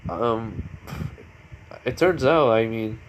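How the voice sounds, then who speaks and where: A man's voice: mid-range voice, lively intonation, takes it slowly, a little hiss or hum. Deku, a man reading as an eager teen boy. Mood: plain. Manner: plain, lightly read dialogue. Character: shy hopeful teenage boy hero-to-be.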